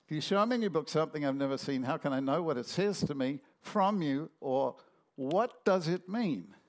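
A man's voice: a little high, expressive, moderate pace, a little mellow. A man preaching a sermon, telling stories animatedly and acting out the voices in them.

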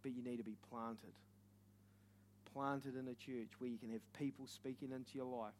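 A young man with a New Zealand accent, preaching with stories, animated and joking, sometimes shouting. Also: mid-range voice, moderate pace, slight background noise. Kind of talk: sermon with stories.

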